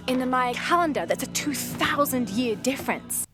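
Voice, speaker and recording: An actress playing a quick-witted woman in a film, explaining navigation in a brisk, matter-of-fact way. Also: high voice, expressive, fairly bright tone. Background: film score music.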